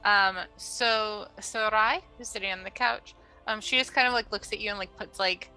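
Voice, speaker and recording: Woman DM, casual narration, bright tone. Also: mid-range voice, fairly even intonation, normal speed, smooth, soft background music, poor audio. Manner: casual, filler-heavy narration. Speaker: game master. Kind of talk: narrating a tabletop game.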